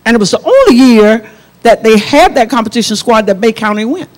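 A middle-aged woman ministering on a faith talk show. She speaks in a steady, measured teaching tone. She also tells family stories in the same calm voice. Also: fairly high pitch.

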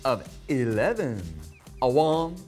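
A man hosting a sports talk show, moving briskly through questions and teasing his guests. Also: medium pitch, expressive, darkish tone, faint music behind. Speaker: host.

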